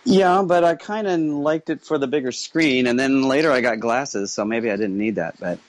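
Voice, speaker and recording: A man calling in to a radio show on his phone, relaxed and friendly, with small hesitations. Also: medium pitch, moderate pace, dry recording. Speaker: caller. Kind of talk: call-in radio chat. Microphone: phone over an internet call.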